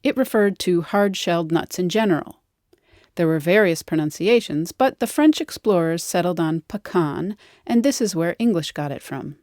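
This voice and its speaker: A woman reads a scripted educational narration with a wry, lightly playful touch. Her voice sits low and mellow. The studio recording is close and dry. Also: animated, normal speed, dry recording.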